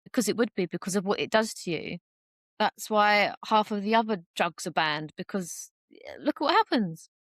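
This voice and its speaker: A woman's voice: medium pitch, animated, normal speed, a bit bright, no echo, clean studio sound. A young woman talking openly as a podcast guest, chatty and full of fillers, acting out the voices she quotes. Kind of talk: casual conversation.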